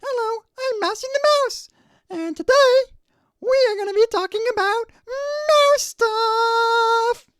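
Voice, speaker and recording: A man voicing a cheerful little mouse character in a high squeaky falsetto. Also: slow, fairly bright tone, dry recording, clean studio sound, exaggerated voice. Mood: cheery squeaky. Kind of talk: tutorial demonstration voice.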